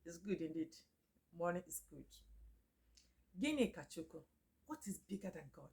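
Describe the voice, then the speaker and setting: Woman, casual language lesson, repeats words slowly, laughs often, fairly low voice. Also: lively intonation, darkish tone. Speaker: Igbo language teacher.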